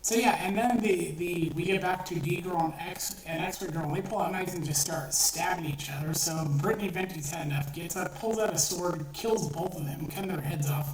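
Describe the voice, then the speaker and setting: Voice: mid-range voice, moderate pace, hardly any pauses. A speaker casually retelling a short story they wrote, rambling and profane, with many fillers and restarts. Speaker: online storyteller. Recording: roomy, distant mic with faint noise.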